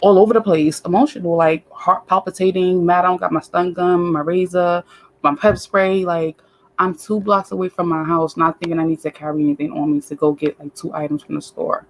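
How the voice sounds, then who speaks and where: A woman guest telling a story in a casual way, animated and profane, acting out other people's voices. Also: on the low side, brisk.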